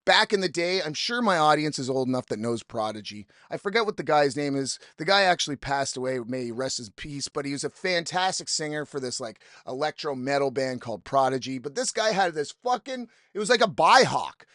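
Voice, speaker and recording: Podcast host: man, high voice, close dry sound, exasperated profane storyteller. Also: animated, a little fast, hardly any pauses, a bit bright, dry recording. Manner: profane, exasperated ranting with quoted asides. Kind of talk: casual storytelling monologue.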